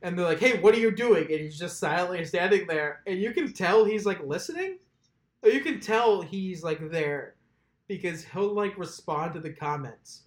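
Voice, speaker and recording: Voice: medium pitch, animated, normal speed. A podcast host telling a story in casual chat, laughing often and mimicking the people described. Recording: roomy echo.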